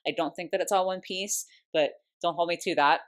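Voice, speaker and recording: A woman's voice: on the low side, steady tone, a little fast. A young American woman giving a casual, candid doll review, chatty and full of "like" fillers, hiccuping now and then. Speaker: doll collector vlogger. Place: home room.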